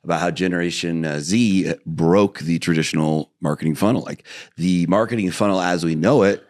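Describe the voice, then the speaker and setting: A man's voice: sits low, normal speed, darkish tone, dry recording, clean studio sound. A young man hosting a casual business interview, giving frequent affirmations and talking loosely with many fillers. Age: young adult. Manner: backchannels often, rambling with fillers. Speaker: podcast host.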